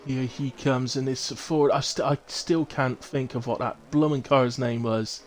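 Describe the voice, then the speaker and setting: A man's voice: medium pitch, fairly even intonation, measured pace, a little hiss or hum. A middle-aged man giving chatty live commentary on a sim race, with jokey asides.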